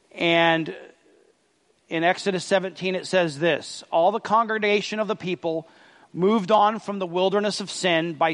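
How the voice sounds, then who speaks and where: Guy preaching a sunday sermon, pretty high voice, earnest and emphatic. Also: a bit bright. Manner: earnest preaching with scripture readings and emphatic pauses. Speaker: pastor.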